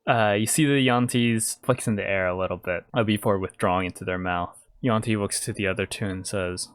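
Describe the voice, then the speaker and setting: A man narrating as game master for a tabletop game, relaxed and hesitant with fillers. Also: on the low side, fairly quick, hardly any pauses, clear, resonant tone, no echo, clean studio sound.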